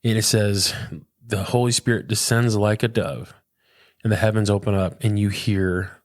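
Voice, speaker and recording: A man's voice: fairly low pitch, steady tone, moderate pace, dry recording, clean studio sound. A man in his thirties, a pastor, talking earnestly and reflectively in a casual interview, often saying "man" and "dude". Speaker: pastor, podcast guest.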